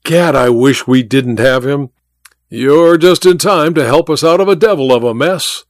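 A man's voice: a little high, moderate pace, no echo, studio quality, close to an everyday voice. A man voicing a hearty, boastful male mining magnate in a storybook reading. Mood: jovial.

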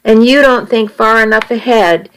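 A woman's voice: a little high, normal speed, fairly bright tone, clear, resonant tone, lightly acted, rough recording. A woman voicing an earnest, worried seventeen-year-old boy in an audiobook reading. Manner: earnest and uneasy, reasoning things through.

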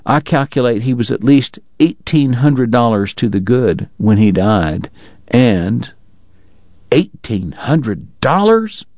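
A man's voice: fairly low pitch, dark tone, no room sound, dull audio, close to an everyday voice. A man voicing a formal, long-winded Southern dentist and gambler with a drawl, in a read-aloud story.

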